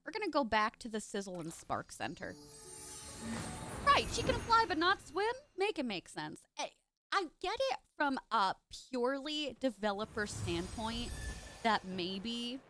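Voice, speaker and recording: A woman's voice: mid-range voice, a bit bright, a little hiss or hum. A young woman streamer chatting playfully while she plays, sounding congested. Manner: chatty, playful asides to chat. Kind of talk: casual live game stream commentary.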